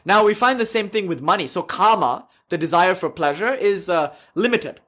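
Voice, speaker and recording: A man's voice: high voice, animated, normal speed, bright, forceful tone. A young man leading a yoga class, giving a casual, joking spiritual talk and laughing often between thoughts. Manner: laughs often, jokey, rambling with fillers. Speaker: yoga teacher.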